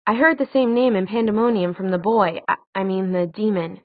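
A woman reading the part of a blunt, sarcastic teenage girl, pitching her voice higher with quick questioning retorts. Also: dry recording, close to an everyday voice. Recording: dry, tinny phone-like sound.

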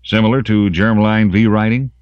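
A man voicing a composed, guarded adult man asking quiet, plain questions. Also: on the low side, fairly even intonation, normal speed, no echo, dull audio, voice pushed up, close to an everyday voice.

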